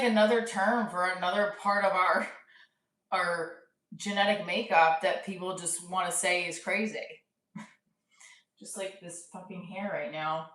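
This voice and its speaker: A mid-range, fairly bright female voice comes through a distant mic with roomy echo, slightly off-mic. She's a stand-up comedian in her thirties, talking frankly to camera in a meandering self-talk vlog. Expect swearing and self-directed laughter.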